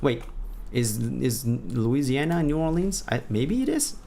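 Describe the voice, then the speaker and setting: A man's voice: medium pitch, big pitch swings, a little slow, gravelly, dark tone. A man streaming a game live, chatting casually in a rambling way, correcting himself and laughing at himself.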